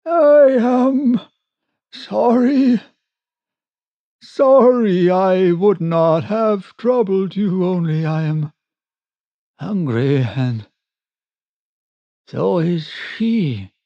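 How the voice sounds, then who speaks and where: A man voicing a starving castaway hidden in a boat at night, calling out in a high, strained, pleading voice. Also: drawn-out words, hardly any pauses, mellow, full character voice. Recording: dull lo-fi recording.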